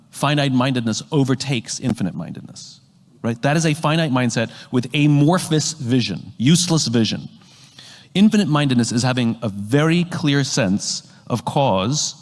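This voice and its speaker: A man giving a talk on leadership, explaining his points through everyday analogies. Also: medium pitch. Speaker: leadership speaker. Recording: long hall reverb.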